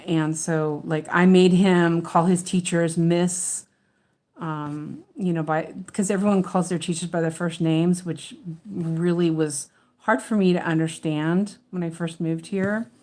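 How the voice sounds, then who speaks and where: Woman stitching and chatting at home, slow unhurried delivery, rambling with fillers and restarts. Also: fairly low pitch, a little mellow. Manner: mutters to herself while checking her work. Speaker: cross-stitch vlogger. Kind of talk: casual chat while stitching.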